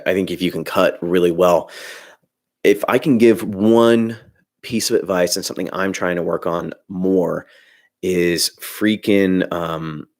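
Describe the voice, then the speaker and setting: Gravelly low-voiced man ranting casually. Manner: rambling, animated ranting with frequent restarts; reads out chat comments. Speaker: filmmaking YouTuber hosting a livestream. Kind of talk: casual livestream chat.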